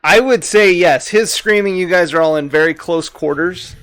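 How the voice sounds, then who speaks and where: A man running a tabletop game as game master, relaxed and quick to laugh. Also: high voice, no room sound, studio quality.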